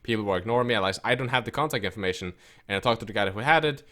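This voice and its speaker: A man who coaches an esports team rants to camera in casual speech, telling a frustrated story and quoting people as he retells it. His voice is lowish and sharp, and he's racing along emphatically.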